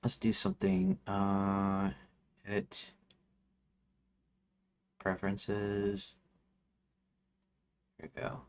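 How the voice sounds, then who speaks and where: A man's voice: on the low side, monotone, extremely slow, pauses often, clear, resonant tone. A man streaming his game development work, thinking aloud as he goes, with restarts and counting under his breath. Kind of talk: casual work-along commentary.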